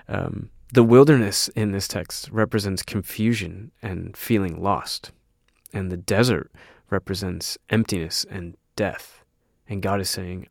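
Low gravelly-voiced man preaching a sermon. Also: measured pace, no echo, clean studio sound. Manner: earnest, reads scripture aloud; hesitant fillers and restarts. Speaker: pastor.

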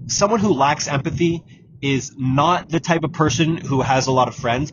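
Coaching male podcast host, lo-fi. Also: fairly high pitch. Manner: coaching, direct, repeats key points. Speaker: exam prep podcast host. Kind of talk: solo podcast advice talk. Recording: dull lo-fi audio with clear background noise.

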